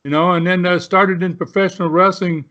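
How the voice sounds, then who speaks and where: A man's voice: high voice, steady tone, a little fast, bright, forceful tone, muffled recording. A man in his seventies, a retired wrestler, telling rambling stories with many fillers. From southern United States. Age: 70s. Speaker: guest, retired pro wrestler. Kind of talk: casual storytelling.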